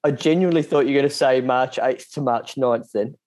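A man's voice: mid-range voice, fairly quick, a little mellow. A man co-hosting a podcast, joking and teasing his guest in casual chat. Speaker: podcast co-host.

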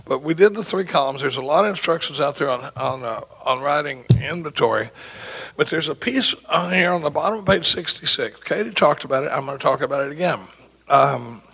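A man's voice: fairly high pitch, expressive, fairly quick, gravelly, sharp tone, slightly rough, low-quality recording. A man speaking as a recovery sponsor, telling rambling stories with quoted dialogue and many false starts. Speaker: recovery sponsor sharing at a meeting. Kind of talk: rambling anecdotal talk.

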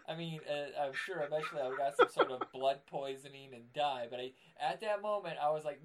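A young man co-hosting a podcast, chatting casually and acting out his stories with loud outbursts. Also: fairly high pitch, a little fast, background noise. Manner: animated storyteller, acts out scenes with loud outbursts. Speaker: podcast co-host. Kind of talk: casual chat.

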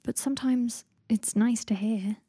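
A woman voicing an earnest, affectionate young man who often speaks in a hushed tone, with a husky voice. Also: a little high, steady tone, unhurried, no echo, studio quality. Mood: tender.

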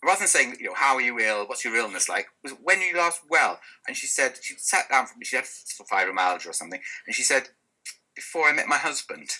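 A man hosting a podcast conversation, his voice very bright and sharp-edged yet husky. He tells stories from his practice in a relaxed, easygoing way and often chuckles at them. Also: mid-range voice, fast, low-quality recording. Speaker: podcast host and health practitioner. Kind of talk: conversational interview.

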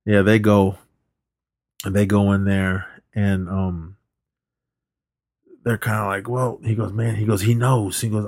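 A man with a fairly low voice chats casually on a podcast, retelling a movie plot with plenty of ums and uhs and restarted sentences. His voice is close and dry, with no room sound around it. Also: level tone, unhurried, pauses often, darkish tone, dry recording. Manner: rambling, lots of fillers and restarts. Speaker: podcast co-host. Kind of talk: casual movie recap chat.

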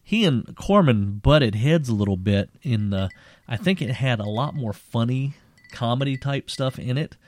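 A man co-hosting a podcast, chatting casually about an old cult film, rambling and animated and laughing often. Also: medium pitch, normal speed. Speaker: podcast co-host.

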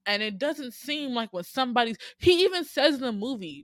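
A woman's voice: on the high side, fairly quick, few pauses, dry recording, clean studio sound. A young woman hosting a casual movie talk, retelling scenes with lots of laughter and playful character voices. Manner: animated storytelling, laughing, voicing characters. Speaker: podcast host.

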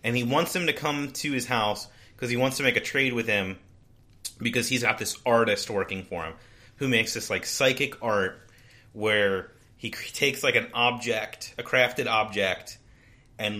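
Chatty man with a bright voice. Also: fairly low pitch. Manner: rambling, with frequent restarts and "like". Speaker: podcast co-host. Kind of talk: casual book discussion.

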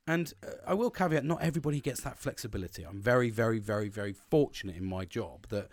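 A man's voice: mid-range voice, lively intonation, fast, no echo. Rambling, candid man, dry sound. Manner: rambling and candid, heavy swearing, many restarts. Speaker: podcast host. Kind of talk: casual solo podcast monologue. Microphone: own podcast microphone.

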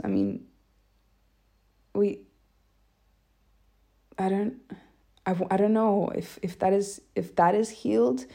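Woman vlogging, low voice with lots of vocal fry, rambly and sweary. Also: dark tone. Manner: candid, rambling, swears freely. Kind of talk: emotional personal monologue. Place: lives in Iceland.

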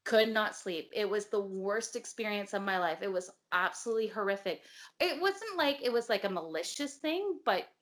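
A woman's voice: medium pitch, lively intonation, moderate pace, a bit bright. A woman in casual chat, telling her story animatedly with lots of filler words and some swearing. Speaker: guest telling a ghost story.

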